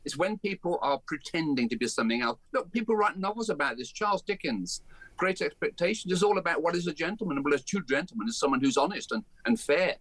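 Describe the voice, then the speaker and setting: An older man with a softened Birmingham accent, a guest on a talk radio show, speaking in an emphatic, animated and outspoken way. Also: a little high, fast talker, no room sound. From Birmingham, England. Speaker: guest, education campaigner. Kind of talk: opinionated talk radio interview.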